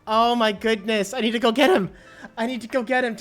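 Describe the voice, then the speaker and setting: A woman streaming a game live, chatting to her viewers and breaking into excited squeals and laughter. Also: a little high, fairly quick, soft background music. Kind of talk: live gameplay stream chat.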